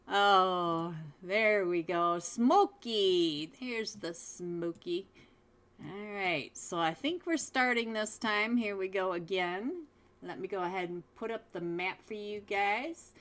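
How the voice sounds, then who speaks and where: A young woman casting a live esports match, chatty and quick to laugh, calling out players by name. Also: medium pitch, fairly bright tone. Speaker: esports caster. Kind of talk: live game commentary.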